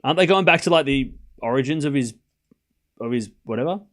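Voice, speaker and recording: A young man calls tennis points on a casual live stream, wandering into jokey tangents with his chat between rallies. He talks at an ordinary middle pitch, loose and unscripted, with a bit of swearing. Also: animated, brisk, fairly bright tone.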